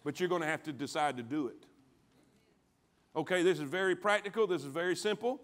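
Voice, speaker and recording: A man preaching a sermon as pastor, calling on the congregation to answer back and swinging from quiet, low lines to loud ones. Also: brisk. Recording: church sanctuary.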